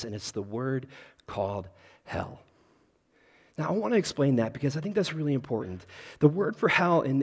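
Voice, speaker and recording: Animated pastor preaching in a big hall. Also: male voice, a little high, slightly rough. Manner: conversational, animated, talks directly to the congregation. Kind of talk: sermon. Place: large hall with congregation. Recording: reverberant hall.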